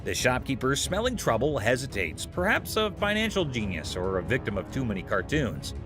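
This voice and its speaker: A man's voice: mid-range voice, wildly swooping pitch, normal speed, over music. A man narrating a show recap in a scripted, playful, jokey storytelling manner.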